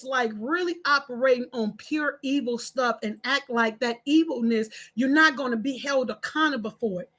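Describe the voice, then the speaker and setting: High, lively, impassioned woman vlogging. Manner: impassioned and preachy, rambling with restarts; scolding, like a stern auntie. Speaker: social media creator. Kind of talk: emotional direct-to-camera monologue.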